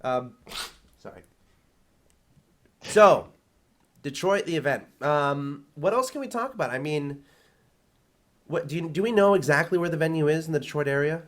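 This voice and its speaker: A man's voice: fairly high pitch, animated, brisk. A man hosting a casual esports chat show, his voice nasal from a cold, often stumbling over the first words. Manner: stammering, repeats words at starts. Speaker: host and caster.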